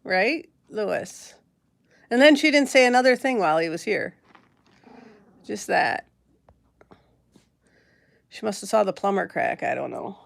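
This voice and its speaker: A woman's voice: medium pitch, lively intonation, measured pace, gravelly, long pauses, dry recording. Chatty woman streaming from home, dry sound. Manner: chatty, rambling storyteller who laughs often. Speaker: host of a pet channel live stream. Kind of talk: casual live-stream chat, telling a story and greeting viewers. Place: at home with her pets.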